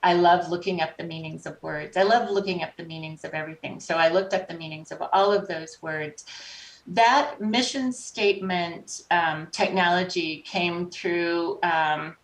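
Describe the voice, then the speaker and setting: A woman guest on a podcast, telling stories in an animated, conversational way and acting out the voices of people she met. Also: fairly low pitch, moderate pace. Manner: animated, acts out quoted voices. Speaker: podcast guest, life coach. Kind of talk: conversational storytelling. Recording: roomy echo, distant from mic.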